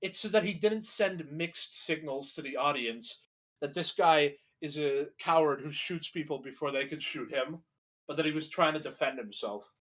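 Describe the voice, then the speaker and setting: Slightly high and a bit bright, at a normal speed, a young man riffs as a co-host reacting to a video. He's rambling and foul-mouthed, with lots of filler words.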